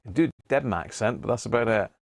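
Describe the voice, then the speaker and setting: Male stream host, lowish voice, dry close sound, chatty and rambling as he answers viewers. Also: lively intonation, quick pace, no echo. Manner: chatty, rambling, with restarts while reading chat aloud. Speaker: host of a radio-hobby live stream. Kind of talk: casual live-stream chat answering viewers.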